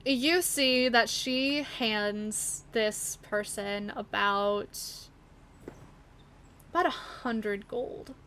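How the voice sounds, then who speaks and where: A woman narrating a tabletop game as game master, laughing as she goes and pausing often. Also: fairly high pitch, fairly bright tone, a little hiss or hum.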